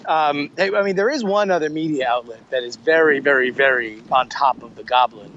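A male co-host rambling through jokey, casual podcast banter in a slightly higher voice. He stammers and restarts constantly, and faint hiss sits under his voice. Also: brisk, fairly bright tone, muffled recording. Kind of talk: casual comedic chat.

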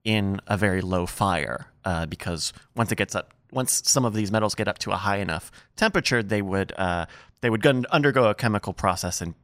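Low-voiced male podcast host. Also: brisk, a bit bright, no echo, studio quality. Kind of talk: casual chat.

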